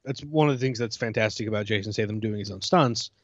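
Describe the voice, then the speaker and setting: A man's voice: on the low side, fast talker, dry recording. Hesitant man on a slightly dull recording. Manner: rambling, hesitant, trailing off quietly. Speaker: podcast guest. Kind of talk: casual chat.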